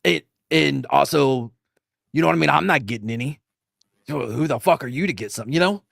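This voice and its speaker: A man co-hosting a comedy show, bantering in character with a crude, deadpan, rambling manner. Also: fairly high pitch, a little fast, gravelly, dry recording, studio quality.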